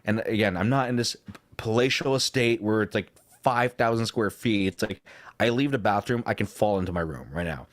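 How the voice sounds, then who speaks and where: A man co-hosting a casual podcast, telling a story with lots of swearing and high-pitched quoted voices. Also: brisk, dry recording. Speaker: podcast co-host.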